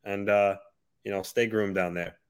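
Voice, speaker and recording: A man's voice: lowish voice, steady tone, moderate pace, clean tone. A man co-hosting a casual podcast chat, agreeing readily and adding his views with plenty of fillers. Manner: agreeable, with short affirmations and hedging fillers. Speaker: podcast co-host.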